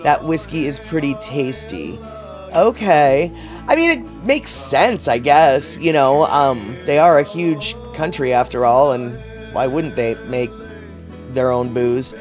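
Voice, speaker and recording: A man's voice: mid-range voice, expressive, slow pace, soft background music. A man hosting a casual livestream, reading chat messages aloud and rambling in a chatty way, laughing often.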